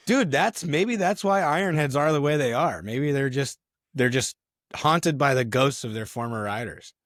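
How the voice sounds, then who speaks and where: A man's voice: medium pitch, moderate pace, a bit bright, dry recording, studio quality. A man co-hosting a podcast in casual chat, laid-back and explaining things step by step. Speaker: podcast co-host.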